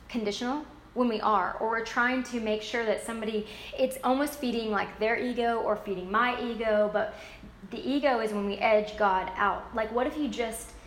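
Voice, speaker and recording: A woman retelling a book's story in a casual, gushing, enthusiastic way. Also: fairly high pitch. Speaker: book recap speaker. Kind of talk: casual book recap. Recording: roomy echo, faint ambient noise.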